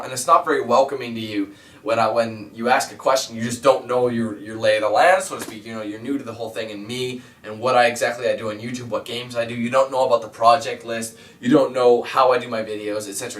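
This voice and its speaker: A man's voice: medium pitch, steady tone, fast talker, fairly bright tone. Rambling, apologetic man in an echoey room. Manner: rambling, candid and apologetic, with many fillers. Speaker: YouTube let's player. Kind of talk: casual vlog monologue. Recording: roomy echo, mic at a distance.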